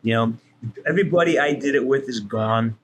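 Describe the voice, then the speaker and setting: A man, a guest voice actor, telling stories on a podcast in an animated way, swearing freely and acting out what people said. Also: mid-range voice, fairly quick, slight background noise. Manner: animated, swears freely, acts out quoted lines. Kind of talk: casual podcast storytelling.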